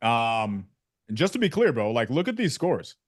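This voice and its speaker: This coaching chat features a man hosting a sales community on video call, slangy and joking with frequent fillers. His medium-pitched voice has big pitch swings at a moderate pace, and the sound is dry and clean like a studio.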